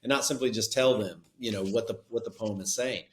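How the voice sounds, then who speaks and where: A man's voice: fairly low pitch, brisk. Encouraging man in an echoey room. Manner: encouraging, thinks aloud with restarts. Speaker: teacher and podcast co-host. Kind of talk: casual chat.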